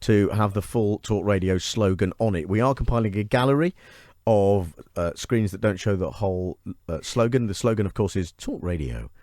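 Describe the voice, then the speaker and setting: A man hosting a radio show, teasing his guest with quick, playful banter. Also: on the low side, darkish tone, no echo, studio quality. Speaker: radio host. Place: radio studio.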